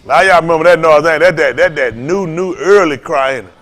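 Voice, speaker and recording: An older male pastor delivers a loose, conversational sermon. His voice sits a little high, and he talks in a folksy, animated way. He circles back and repeats phrases as he tells stories. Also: a little fast. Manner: folksy, animated, Southern Black church vernacular, repeats himself. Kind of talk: informal sermon with storytelling.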